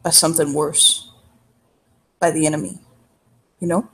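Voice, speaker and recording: A woman's voice: deep voice, flat delivery, measured pace, vocal fry, a bit bright. A woman playing her character in a tabletop role-play game, telling a long, folksy, rambling story in character.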